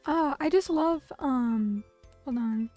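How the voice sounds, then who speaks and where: Soft music plays behind a young woman as she streams, casually reading and reacting to viewer comments with bubbly chatter and many fillers. Her voice is high but darkish in tone, slow-paced, with no room sound.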